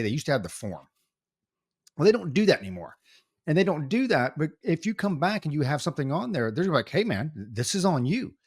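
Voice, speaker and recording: A man co-hosting a podcast, telling a story in casual chat, animated and full of restarts. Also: mid-range voice. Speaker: podcast co-host.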